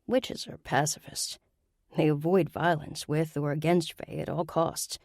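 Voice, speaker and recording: An amused, knowing male mage who explains things patiently, voiced by a woman. The voice is low. The recording is close and dry. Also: steady tone, a little slow, darkish tone, no room sound.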